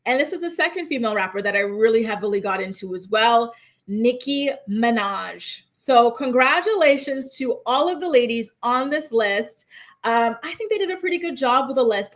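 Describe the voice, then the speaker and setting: A young woman hosting a casual pop culture chat, reading viewer comments aloud and rambling through animated asides. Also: on the high side.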